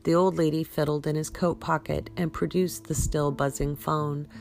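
A woman hosting a show and reading a story aloud at an unhurried pace, with small slips she corrects. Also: low voice, fairly even intonation, creaky, a little mellow, faint music behind. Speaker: host and story reader.

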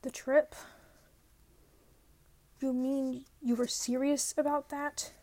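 A woman reading aloud and voicing a gruff, greedy middle-aged stepfather who growls his demands loudly. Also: sits high, little pitch movement, takes it slowly. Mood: growling.

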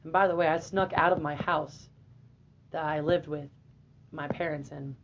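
A woman in her twenties, a podcast guest, telling a personal story in a lively, profane way and often laughing. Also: low-pitched, normal speed. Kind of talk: casual storytelling. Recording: dull lo-fi audio.

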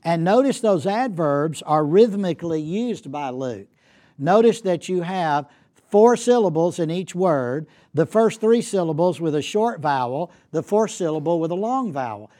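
A man's voice: a little high, animated, normal speed, mellow. A man giving an academic lecture as a guest speaker, emphatic and repeating key points for effect. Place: lecture hall.

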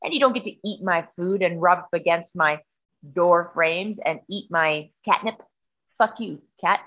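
A woman speaks as a defiant male house cat who swears at an intruder and claims the house as his. The voice is bright and edged, close to her own. Keep the cursing tone scolding. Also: lowish voice, unhurried. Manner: profane, scolding.

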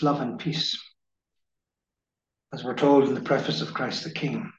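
A man giving a slow, measured spiritual reading in the manner of a preacher. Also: mid-range voice, fairly even intonation. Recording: echoey room, dull lo-fi sound.

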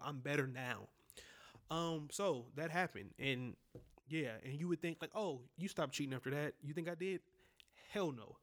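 A man's voice: fairly high pitch, a bit bright. A young man hosting a podcast, candidly telling his own stories in a casual, profane monologue straight to listeners.

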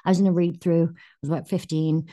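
A young Welsh woman with a low, mellow voice tells anecdotes in a casual podcast chat. She is animated and quick, slipping into acted quotes mid-story. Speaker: actress guest.

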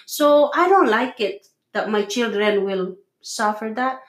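Earnest mother, halting and echoey. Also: fairly high pitch, animated. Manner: earnest, halting, restarts, soft tender asides. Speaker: mother sharing parenting views. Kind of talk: casual conversation.

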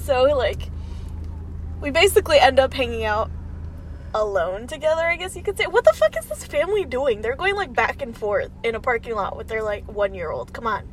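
A woman's voice: high-pitched, animated, fairly quick. A young woman telling a rambling story in casual chat, coughing from smoke now and then. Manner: rambling, laid-back, laughs and coughs often.

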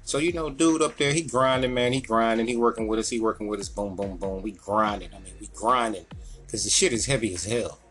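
A man telling a long, profane work story in casual chat. He acts out the other people in a higher voice. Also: fairly quick, fairly bright tone, soft background music.

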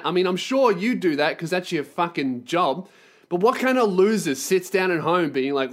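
A man with a slightly higher voice, telling a story on his podcast. He rants in a profane, sarcastic way. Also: animated, moderate pace. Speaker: podcast host and touring performer. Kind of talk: storytelling rant.

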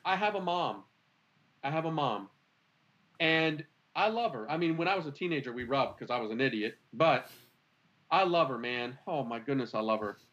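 A man's voice: a little high, a bit bright, lo-fi sound. A man explaining his faith in an earnest conversational way, asking rhetorical questions as he talks. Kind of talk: animated conversational teaching.

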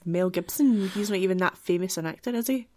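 Scottish lady chatting about a film, middle pitch, lots of laughing. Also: fairly quick, mellow. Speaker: podcast co-host. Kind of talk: casual chat about a film.

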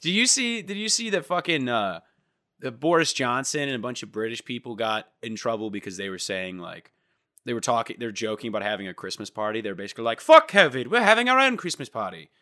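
A man co-hosting a casual podcast chat, telling stories in an animated, swearing way. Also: mid-range voice, brisk.

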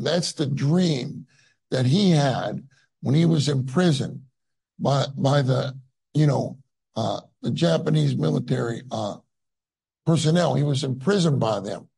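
Guy preaching, tells a story all chatty with lots of you-knows, gravelly and really husky. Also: medium pitch, unhurried, dark tone, low-quality recording. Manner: conversational, full of asides and fillers; tender and earnest when recalling. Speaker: conference speaker. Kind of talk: storytelling sermon.

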